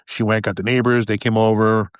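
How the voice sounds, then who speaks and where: A man in his fifties speaks candidly and bluntly, with cursing, in a fairly low voice. The sound is dry and close, without any room echo. He tells his story in a conversational way. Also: flat delivery, a little fast, smooth. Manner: blunt, profane, emotional. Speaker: podcast guest, retired police officer.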